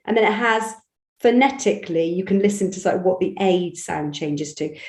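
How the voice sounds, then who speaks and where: Chatty Bristol woman, echoey room. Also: mid-range voice. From England. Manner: chatty, animated storytelling with quick restarts. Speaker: audiobook narrator guest. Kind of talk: conversational interview.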